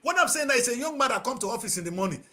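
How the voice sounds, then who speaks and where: A Nigerian man speaks in a very high voice that swoops up and down as he holds forth on a breakfast talk show. He sounds passionate and preachy, mixing Pidgin into his English. His tone is bright and forceful. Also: animated, very fast. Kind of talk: impassioned talk-show commentary.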